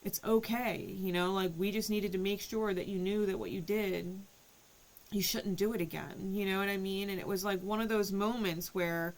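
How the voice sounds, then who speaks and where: A tarot reader with a mid-range voice gives a casual spiritual reading, telling a story conversationally and often checking in with "right?". The audio quality is poor.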